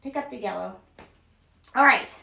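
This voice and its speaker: A woman's voice: on the high side, normal speed, gravelly, sharp tone. A woman, a mom, leading a casual home workout at home, chatty and upbeat, counting reps aloud. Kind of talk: casual exercise instruction. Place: room at home. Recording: echoey room, voice heard from a distance.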